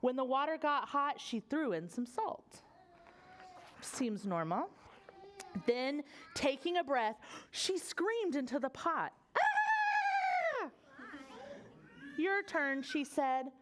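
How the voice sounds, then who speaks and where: A young woman, a children's librarian, reading a picture book aloud to preschoolers in an animated sing-song voice and asking them questions. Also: high voice, takes it slowly, background noise.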